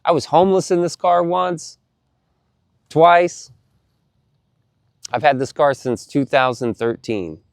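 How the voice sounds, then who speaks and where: A man casually telling a story to the camera, animated and profane, often repeating himself. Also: a little high, takes it slowly, pauses often, no room sound, studio quality.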